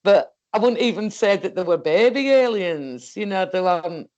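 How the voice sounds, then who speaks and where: A woman's voice: mid-range voice, lively intonation, normal speed, darkish tone, highs cut off. A woman with a Northern English accent telling a story in casual chat, rambling along and laughing often. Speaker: co-host.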